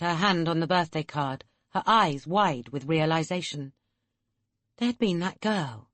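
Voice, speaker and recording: A woman reads an audiobook with a low, grounded voice and a measured, steady storytelling pace. The recording is dry and close, with no room sound around her. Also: no room sound. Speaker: audiobook narrator. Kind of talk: audiobook narration.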